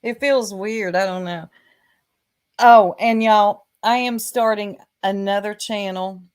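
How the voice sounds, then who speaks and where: A Southern woman runs a relaxed livestream at an unhurried pace. She pokes fun at her subject and greets viewers by name in a chatty, mid-pitched voice. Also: clean tone. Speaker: livestream host. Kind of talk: casual livestream chat.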